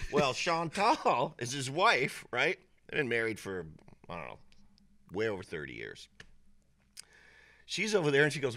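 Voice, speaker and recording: A middle-aged man, a musician telling an animated story as an interview guest, laughing often and acting out the voices of people in it. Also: mid-range voice, measured pace, no echo, studio quality. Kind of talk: casual storytelling.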